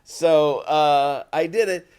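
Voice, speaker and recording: A man, an actor guest in an interview, telling relaxed anecdotes and acting out the voices of the people in them. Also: a little high, slow pace, clean tone. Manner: animated, acts out quoted voices in stories; relaxed and conversational, with "you know" fillers.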